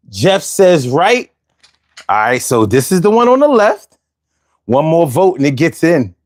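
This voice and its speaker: Reading viewer comments aloud, this male livestream host banters with them in slangy speech, his voice on the high side. He's close to the mic, and the recording is dry.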